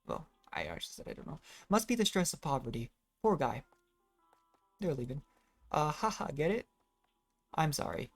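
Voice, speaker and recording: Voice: mid-range voice, huge pitch swings, normal speed, long pauses, soft background music. A gamer giving casual, rambling commentary while playing, often trailing off and restarting thoughts. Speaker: let's play gamer.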